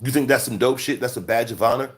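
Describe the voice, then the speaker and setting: A man's voice: mid-range voice, fast talker. Man, late forties, livestream rant, confrontational, heavy cursing. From Chicago. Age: 40s. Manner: profane, scolding, confrontational. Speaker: livestream host.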